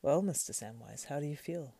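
A kindly old wizard with a measured, unhurried manner, voiced by a woman reading aloud. The voice is very low, dark and gravelly, recorded close and dry. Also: expressive, no room sound, exaggerated voice. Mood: calm. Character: old, wise, calm male wizard.

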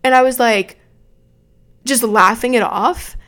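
A woman's voice: fairly high pitch, fairly even intonation, takes it slowly, a bit bright. A young adult woman hosting a podcast, telling a story in a rambling, profane, self-mocking way from a room at home. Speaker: podcast host. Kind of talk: casual storytelling.

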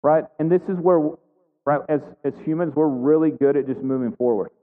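A man's voice: on the high side, brisk. A man giving a conversational sermon, full of questions and restarts. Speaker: pastor. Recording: tinny phone-like sound in a reverberant hall.

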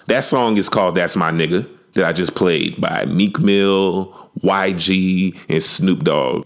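A man hosting his own podcast, talking loosely and profanely with jokes along the way. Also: sits low. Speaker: podcast host. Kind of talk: casual podcast monologue.

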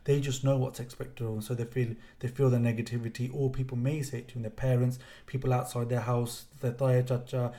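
A man talks with a guest on a relaxed podcast, his voice sitting in a middle pitch. He wanders through his questions and repeats phrases as he works out what he wants to say. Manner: rambling, repeats himself while searching for words. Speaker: podcast host. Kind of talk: casual interview chat.

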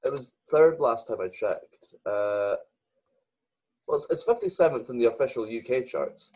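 A man's voice: medium pitch, animated, normal speed, a little mellow, rough recording. A young Scottish man co-hosting a casual podcast chat, talking hesitantly with many fillers and restarts. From Scotland. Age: young adult. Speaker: podcast co-host.

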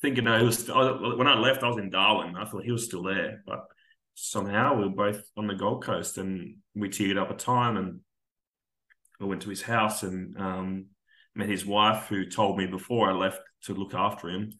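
A man's voice: on the low side, steady tone, moderate pace, pushed and bright. A man, a veteran on a podcast, telling a raw, candid personal story and swearing freely. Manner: raw, candid, swears often, acts out dialogue. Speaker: podcast guest, army veteran. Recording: roomy echo.

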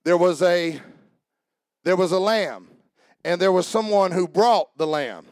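A man preaching a sermon as pastor, building up to shouting and dropping into mock-calm voices for jokes. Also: high-pitched, measured pace, no room sound.

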